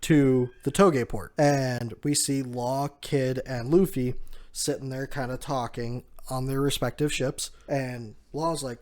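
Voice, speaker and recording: A man's voice: mid-range voice, fairly even intonation, takes it slowly, darkish tone. A man giving a casual, chatty recap of a comic chapter, with frequent fillers and restarts and an amused tone. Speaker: manga chapter reviewer.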